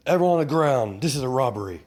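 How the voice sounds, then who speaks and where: A man voicing a rude, violent male bank robber who barks orders, with a lowish voice. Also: expressive, moderate pace, breathy edge. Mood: threatening.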